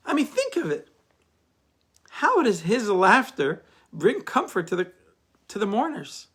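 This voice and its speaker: A male rabbi telling a story in a Torah lesson, animated, often saying "I mean". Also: sits high, unhurried, long pauses, breathy edge.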